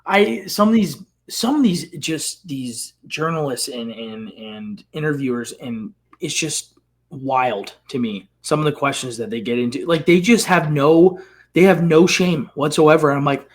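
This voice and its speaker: A man's voice: fairly high pitch, moderate pace. A man co-hosting a sports podcast, chatting casually and hammering points home through repetition. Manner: emphatic, repeats phrases for effect. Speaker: podcast co-host. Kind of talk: casual chat.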